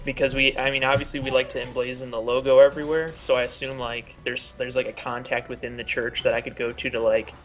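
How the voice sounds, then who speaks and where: Hesitant male player, mid-pitched. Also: level tone, fast, few pauses, fairly bright tone, soft background music. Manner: hesitant, many fillers. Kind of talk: casual chat during a tabletop game.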